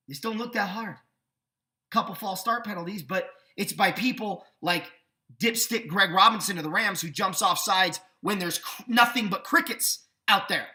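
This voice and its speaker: A man's voice: high voice, pushed and bright, echoey room. A man hosting a sports podcast, ranting indignantly with sarcasm. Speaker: podcast host. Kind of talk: sports opinion rant.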